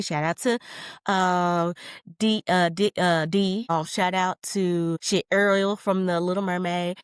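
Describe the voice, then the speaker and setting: A woman's voice: on the low side, no room sound, studio quality. Chatty woman, rambling podcast host. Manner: chatty and rambling, animated, with laughs and slang. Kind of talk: casual solo podcast chat.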